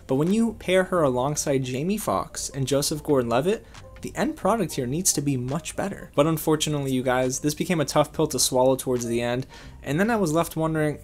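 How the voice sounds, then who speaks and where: A man reviewing a film in a casual, emphatic way, often calling out to his viewers. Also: on the high side. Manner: animated, emphatic, addresses viewers as guys.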